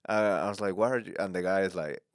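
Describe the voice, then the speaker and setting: Laughing man with a smooth voice. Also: low-pitched, fairly even intonation, dry recording, studio quality. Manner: halting, laughs often, switches into Spanish for bits. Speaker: podcast host. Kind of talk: casual podcast chat.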